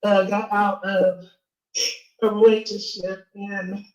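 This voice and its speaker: A woman's voice: mid-range voice, level tone, slow pace, reverberant, lo-fi sound. A woman calling in to a show while out walking, slightly out of breath, speaking earnestly about her own life. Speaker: caller.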